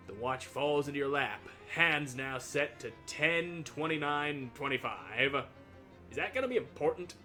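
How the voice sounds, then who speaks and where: Playful bright-voiced male gamer. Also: medium pitch. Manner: playful, reads game text aloud. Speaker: game streamer. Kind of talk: casual let's-play narration.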